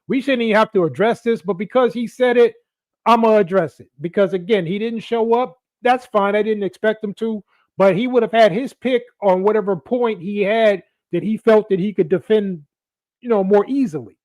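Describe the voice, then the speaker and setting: A man's voice: high-pitched, moderate pace, a little mellow, no echo. A man hosting a podcast in loose, casual commentary, talking straight to his viewers and leaning on filler phrases. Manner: loose, talks back to viewers, leans on "you know". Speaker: podcast host.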